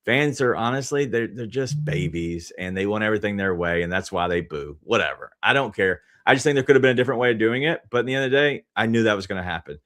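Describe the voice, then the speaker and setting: Blunt low-voiced male host. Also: lively intonation, fast, few pauses, fairly bright tone. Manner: blunt, wraps up segments. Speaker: show host. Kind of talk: casual sports betting chat.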